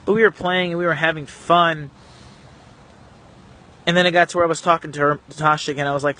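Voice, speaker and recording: A man telling a painful personal story to the camera in an earnest, emotional, halting way. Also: a little high, fairly even intonation, pushed and bright. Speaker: vlogger.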